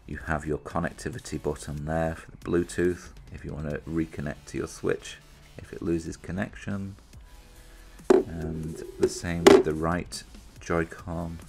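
A man's voice: very deep voice, little pitch movement, unhurried, creaky, over loud music. A British man chatting casually as he demonstrates a product he is unboxing, thinking aloud and poking fun at himself. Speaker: reviewer presenting an unboxing.

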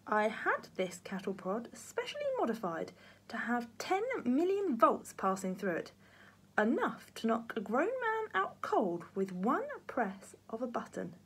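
Storybook villain: a cruel matron, sneering and bossy, husky voice as a woman plays her. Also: a little high, huge pitch swings, measured pace, a bit bright, voice pushed up, exaggerated voice. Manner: sneering and commanding. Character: cruel menacing woman, care-home matron.

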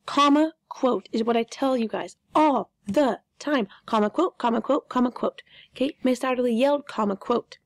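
Playful woman teacher with a gravelly voice. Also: fairly high pitch, moderate pace, dry recording. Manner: chatty, playful, repeats words. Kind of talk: online grammar lesson.

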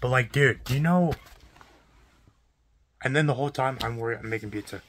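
A young man in a profane, exasperated vlog rant about his fast food job, repeating himself as he vents. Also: medium pitch, fairly bright tone. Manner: exasperated, profane, repetitive ranting. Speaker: fast food worker ranting.

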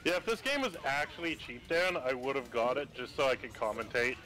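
A man's voice: mid-range voice, animated, brisk, sharp tone, poor audio. A man from Canada chatting and commentating on a gaming stream, joking and rambling. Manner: joking, rambling, British slang. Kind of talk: casual gaming stream chat.

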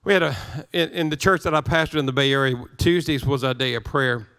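A man's voice: medium pitch, quick pace, fairly bright tone, clear, resonant tone. A male pastor preaching a sermon, emphatic, repeating his phrases and restarting words as he drives his points home.

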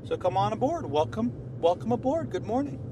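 A man's voice: high-pitched, sing-song, fairly quick, noisy background. A man playing a boastful office manager in an improvised mockumentary, rambling and playful.

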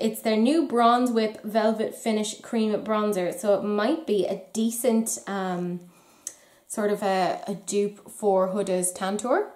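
Irish woman, casual beauty vlog, wry asides, medium pitch, roomy echo. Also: a little mellow. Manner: chatty, wry, self-deprecating asides. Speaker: beauty vlogger. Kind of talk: casual chat about makeup releases.

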